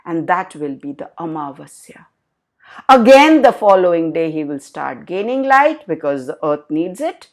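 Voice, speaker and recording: A woman telling a children's story, animated and asking her listeners questions. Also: on the low side, moderate pace.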